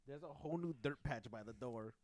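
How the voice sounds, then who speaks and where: A man's voice: mid-range voice, fairly quick, darkish tone. A young man in casual podcast chat, teasing and incredulous in how he talks. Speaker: podcast co-host.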